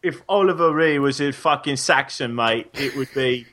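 A man's voice: mid-range voice, normal speed, fairly bright tone, lightly acted. A man voicing a boastful, swearing British metal-fan bloke. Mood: blustering. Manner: swearing, blustering, repetitive.

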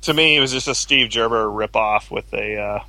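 A man's voice: on the low side, normal speed, pushed and bright, a little hiss or hum, low-quality recording. A man on a casual comedy podcast, rambling with film-buff enthusiasm.

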